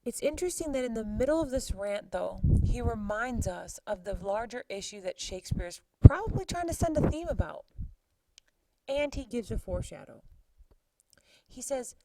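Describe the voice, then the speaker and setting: A woman teacher casually retelling a play scene by scene, chatty and animated, putting the old lines into everyday words. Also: medium pitch, unhurried, no echo, low-quality recording. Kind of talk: lesson recap with paraphrased quotes.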